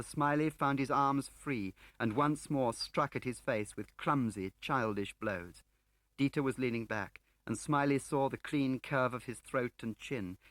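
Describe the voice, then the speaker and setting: Male audiobook reader, lowish voice, dry close sound, measured dramatic delivery. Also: a bit bright, no echo. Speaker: audiobook narrator. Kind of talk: scripted audiobook narration.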